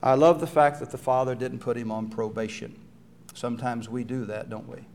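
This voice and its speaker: Animated male preacher. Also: mid-range voice, normal speed. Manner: animated storytelling, asks rhetorical questions, acts out quotes. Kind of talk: sermon.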